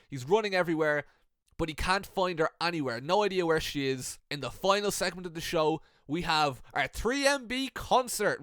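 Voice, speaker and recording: A man casually recounting made-up wrestling storylines in a playful way, with swearing and quick asides. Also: on the high side, a bit bright, dry recording, clean studio sound. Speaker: wrestling fan video creator.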